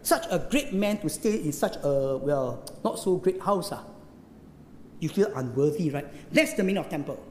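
A preacher with a Singaporean English accent delivers a teaching sermon, tossing out rhetorical questions and local particles. The voice rises and falls in a lively way. It rings through a large hall with long reverb and faint background ambience. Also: mid-range voice, normal speed, slight background noise.

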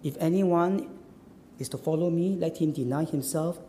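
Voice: medium pitch, normal speed, dark tone, long reverb tail, a little hiss or hum. A preacher giving a sermon, emphatic and full of repeated rhetorical questions, tagging points with "huh?". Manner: repeats phrases and tags lines with "huh?".

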